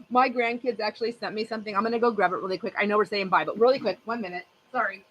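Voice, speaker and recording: A woman's voice: medium pitch, fairly even intonation, very fast, fairly bright tone, low-quality recording. A woman in her fifties hosting a craft channel, chatting casually with her livestream viewers in a rambling way and laughing often.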